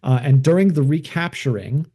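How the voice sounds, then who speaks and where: A man's voice: a little high, expressive, normal speed, dark tone, husky. A man hosting a show, casually retelling a film plot in a rambling way with lots of fillers. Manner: rambling, heavy use of fillers. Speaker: podcast host. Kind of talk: casual movie recap.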